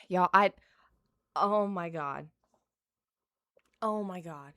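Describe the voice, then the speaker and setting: A woman streaming a video game live, swinging between shrieks and hushed, repetitive disbelief as she talks to her chat. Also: lowish voice, extremely slow, pauses often, no echo, clean studio sound. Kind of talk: live gameplay commentary.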